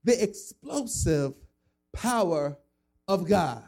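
A man in his thirties preaching a sermon, telling his own testimony in a lively storytelling way with acted-out voices. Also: sits high, slow pace. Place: church sanctuary.

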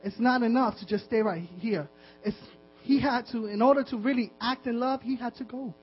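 High-voiced preacher with a husky edge. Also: male voice, normal speed. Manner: impassioned, repetitive exhortation with laughs. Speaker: pastor. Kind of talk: sermon. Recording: dull lo-fi recording with mains hum.

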